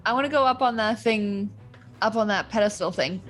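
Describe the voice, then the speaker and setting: A woman's voice: medium pitch, fairly quick, a bit bright. Hesitant woman playing a tabletop game. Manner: hesitant, thinking aloud. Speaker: player. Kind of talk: casual tabletop play.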